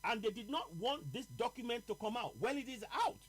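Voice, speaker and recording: A man. He speaks with emphasis, slowing down and repeating his main points so they land. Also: extremely high pitch, expressive, a bit bright, husky, poor audio. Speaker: host. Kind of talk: live political talk broadcast.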